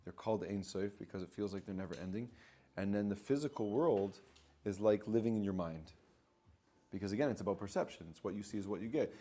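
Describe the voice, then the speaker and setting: A man who works as a spiritual coach, giving an animated teaching talk, repeating phrases and acting out inner voices as he explains. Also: lowish voice, a little fast.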